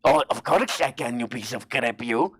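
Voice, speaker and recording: A man putting on a gruff, accented older male philosopher who talks in a halting, blunt, insulting way. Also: medium pitch, expressive, fairly bright tone. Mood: pompous.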